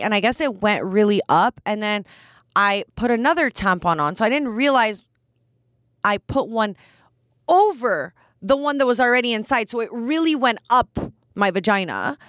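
A young woman, host of a casual podcast, talks fast and candidly with a fairly high voice. She leans on filler words as she tells her stories, and the sound is dry and close, with no room around it. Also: expressive, a bit bright, no room sound. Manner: chatty, candid, quick, full of "like" fillers. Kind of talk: casual storytelling chat.

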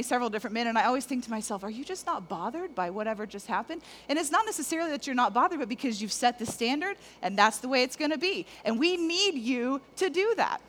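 A middle-aged woman preaching a lively, conversational sermon to men, talking straight to the audience. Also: high-pitched. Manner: animated, conversational, addresses the audience directly.

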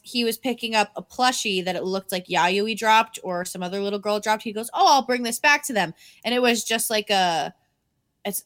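A woman co-hosting a podcast, chatting casually and retelling scenes with lots of swearing. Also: a little high. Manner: animated storytelling, swears freely, acts out quotes. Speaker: podcast co-host. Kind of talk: casual chat recapping an anime.

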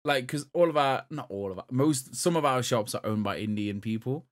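A man's voice: mid-range voice, fairly quick. A man, a podcast co-host in casual chat, rambling with lots of fillers. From Europe. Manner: rambling, full of "like" and "um".

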